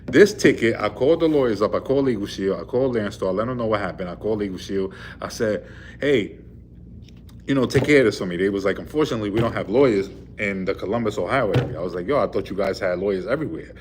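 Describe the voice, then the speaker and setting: A man's voice: lowish voice, animated, fast, a little mellow, a little hiss or hum. A man, a truck driver, casually retelling a run-in with the police, rambling and full of fillers. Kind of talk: casual storytelling vlog. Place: in a vehicle.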